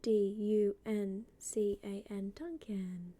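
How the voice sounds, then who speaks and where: Woman streamer, mellow tone, chatty, greets chat, drifts into half-whispers. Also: medium pitch, steady tone, slow. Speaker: live streamer. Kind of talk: casual live-stream chat.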